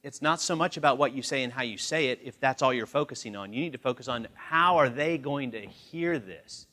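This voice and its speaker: A man's voice: medium pitch, fairly quick. A man in his forties leading a live communication training seminar, acting out quoted voices as he talks. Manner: animated, acts out quoted voices. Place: large training room.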